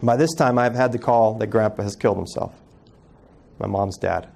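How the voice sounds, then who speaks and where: A man in his thirties giving an earnest personal storytelling talk as a guest speaker, acting out family members' words softly. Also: fairly low pitch, moderate pace, vocal fry. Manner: earnest, acts out quoted family voices softly.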